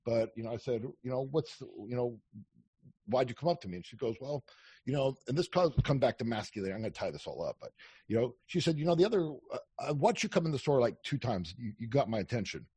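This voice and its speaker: A man chatting casually as a podcast guest, telling animated stories, acting out quoted lines and swearing freely. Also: mid-range voice, fast talker, husky, no echo. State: on day four of a fast. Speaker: podcast guest, dating coach. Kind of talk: casual chat.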